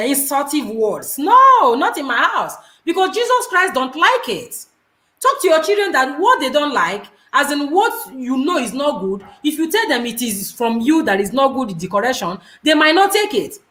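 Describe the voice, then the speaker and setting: A woman's voice: high voice, a bit bright, reverberant. A middle-aged woman hosting a live video, giving earnest, preachy advice to viewers and slipping into pidgin phrases.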